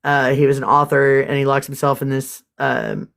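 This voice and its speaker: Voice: medium pitch, little pitch movement, moderate pace, creaky, a bit bright. A livestream host chatting casually with viewers, swearing freely and getting emotional.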